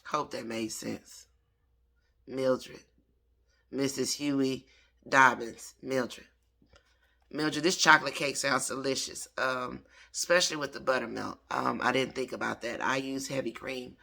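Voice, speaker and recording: A man's voice: mid-range voice, gravelly, sharp tone. A man in his late thirties, a chef, casually walking through an old cookbook recipe and talking back to its author. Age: 30s. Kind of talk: casual cooking lesson.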